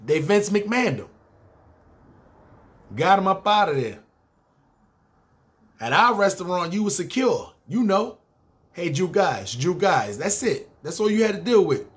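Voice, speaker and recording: A man's voice: high voice, fairly bright tone. Laid-back New York man telling stories. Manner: laid-back street slang, profane. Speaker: podcast host. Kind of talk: casual storytelling.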